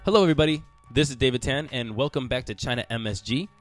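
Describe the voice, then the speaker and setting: A man's voice: medium pitch, fast talker, over loud music. A man hosting a podcast in an upbeat, jokey, announcer-like way. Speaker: podcast host. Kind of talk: casual podcast chat.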